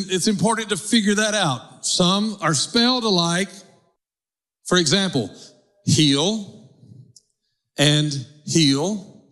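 A man's voice: high-pitched, fairly bright tone. A male pastor preaching a sermon, calling on the congregation to respond. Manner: preaching with audience call-and-response.

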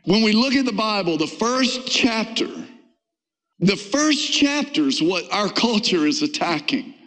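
A man preaching a sermon to a church congregation, emphatic, with drawn-out stresses and pitch that climbs on key words. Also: lively intonation, a bit bright, big-room sound, rough recording. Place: church sanctuary.

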